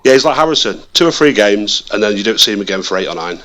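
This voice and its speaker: A man chatting casually about football as a podcast co-host, animated and often repeating words as he restarts his sentences. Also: fairly low pitch, fast. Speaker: podcast co-host, Leeds fan.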